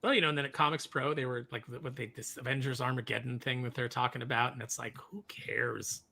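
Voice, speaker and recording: A man co-hosting a casual podcast chat, telling animated stories that jump into comic exaggeration. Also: mid-range voice, fairly quick, vocal fry. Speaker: podcast co-host.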